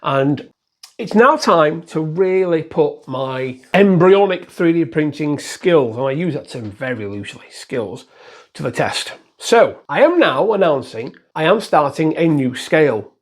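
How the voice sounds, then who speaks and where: A man's voice: on the high side, animated, a little slow. A man chatting casually to camera about his hobby, rambling and self-deprecating. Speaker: model railway YouTuber.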